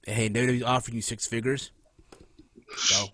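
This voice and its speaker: A man hosting a casual wrestling podcast, animated and profane, who keeps tossing in "right?" between points. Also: mid-range voice, moderate pace. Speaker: podcast host.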